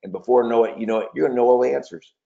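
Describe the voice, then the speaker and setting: A man coaching new recruits in a webinar, persuasive and energetic, at times role-playing a conversation. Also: mid-range voice, racing, creaky. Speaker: sales trainer. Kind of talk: webinar training talk with role-play. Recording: dull lo-fi webinar audio.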